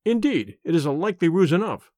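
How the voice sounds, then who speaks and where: A man reading the part of a bluff police inspector, hearty and confident and quick to exclaim. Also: on the high side, sing-song, no echo, clean studio sound. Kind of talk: audiobook character reading.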